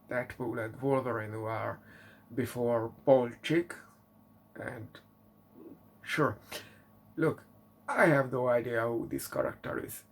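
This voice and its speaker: A man speaking English gives a casual, unhurried movie review. He keeps asking exasperated rhetorical questions and stumbles through fillers and restarts, his middle-pitched voice set against a faint background hum. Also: vocal fry.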